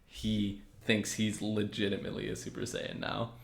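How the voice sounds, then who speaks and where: A man's voice: on the low side, completely flat delivery, normal speed, gravelly, a little hiss or hum. A man co-hosting a podcast, chatting easily about an episode and chuckling along with his co-host. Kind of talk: casual chat recapping an episode. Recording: echoey room.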